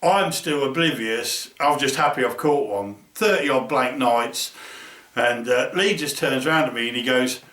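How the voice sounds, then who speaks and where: A man's voice: medium pitch, moderate pace, a bit bright, roomy sound, distant mic. A middle-aged Englishman from Norfolk telling a fishing story, laughing and acting out his friends' voices. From Norfolk, England. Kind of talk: animated storytelling.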